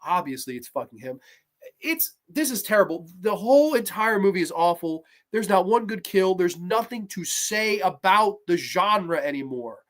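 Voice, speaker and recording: A woman in her thirties tears into a horror sequel with a foul mouth and biting sarcasm. She drops to grumbling lows, then jumps to loud, exasperated outbursts. Her voice sits at an ordinary middle pitch for a woman. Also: lively intonation, normal speed, hardly any pauses. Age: 30s. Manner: foul-mouthed, sarcastic, swings from mutters to shouts. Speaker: horror movie reviewer, show host. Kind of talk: profane ranting movie review.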